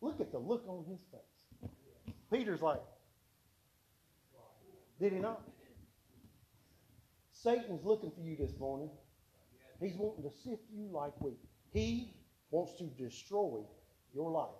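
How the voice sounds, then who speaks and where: High-voiced preacher, mellow tone. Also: male voice, lively intonation, slow, long pauses, a little hiss or hum, low-quality recording. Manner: folksy storytelling with emphatic repetition. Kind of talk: sermon.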